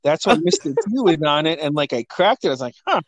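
A middle-aged man chats with his mother on a podcast, telling childhood stories in a casual, swearing way. He laughs a lot and acts out the voices of the people in his tales. His voice sits a bit high, and the recording is dry and close. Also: very animated, quick pace, dry recording. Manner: laughing often, swearing, acting out quoted voices. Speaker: podcast host. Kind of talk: casual family storytelling.

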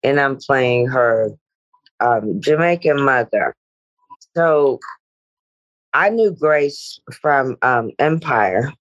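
A woman's voice: rumbling low, lively intonation, extremely slow, pauses often, dull audio. A middle-aged woman, a guest actress, speaking reflectively in a podcast interview with meandering "you know" asides.

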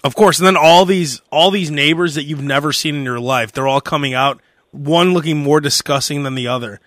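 A young man hosting a casual podcast, telling a story in a lively way and acting out the shouting of the people in it. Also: on the high side, brisk, dry recording, studio quality. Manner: animated storyteller who acts out shouted quotes. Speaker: podcast host.

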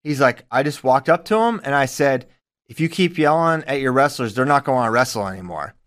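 A man's voice: medium pitch, brisk. A man co-hosting a podcast, a wrestling coach, chatting casually and acting out quotes while he tells stories. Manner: animated storytelling, acts out quotes. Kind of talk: casual chat.

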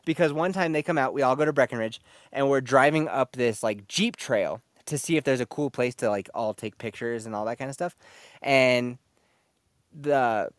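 A man's voice: medium pitch, moderate pace, no echo. A man telling a story in casual, profane chat, laughing as he goes. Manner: profane, laughing, animated retelling.

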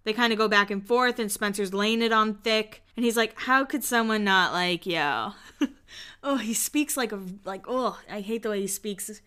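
A woman hosting a podcast, recapping reality TV in a chatty, snarky, animated way. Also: mid-range voice, normal speed, hardly any pauses. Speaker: podcast host. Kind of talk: casual reality-TV recap chat.

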